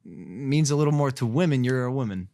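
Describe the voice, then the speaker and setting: A man's voice: medium pitch, expressive, dark tone, no echo. Self-mocking man on a dry podcast mic. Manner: self-mocking, rapid storytelling. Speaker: podcast co-host. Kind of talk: casual chat.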